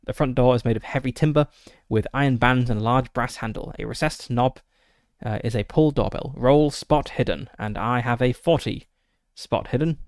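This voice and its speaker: Gravelly man reading a solo adventure. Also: mid-range voice, fairly quick, no echo, clean studio sound. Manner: steady descriptive reading with frequent "uh" fillers. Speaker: streamer running a solo tabletop game. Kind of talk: reading a gamebook aloud with asides.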